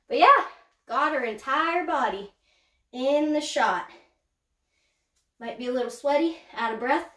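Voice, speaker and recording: A woman showing her pet snake in a casual vlog, chatty, laughing often and whooping with excitement. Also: high-pitched, slow, pauses often. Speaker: snake keeper vlogger. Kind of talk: casual show-and-tell vlog. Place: indoors room by a snake enclosure. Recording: echoey room.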